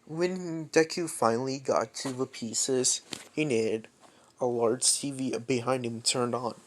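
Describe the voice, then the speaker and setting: A man's voice: medium pitch, slow pace, a little hiss or hum. A young man improvising a fan story aloud, rambling with many restarts.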